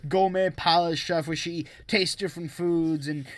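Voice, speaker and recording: A man's voice: on the high side, fairly even intonation, normal speed, no echo. A man hosting an anime reaction video, recapping an episode in a rambling, profane, joking way. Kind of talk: casual recap and commentary.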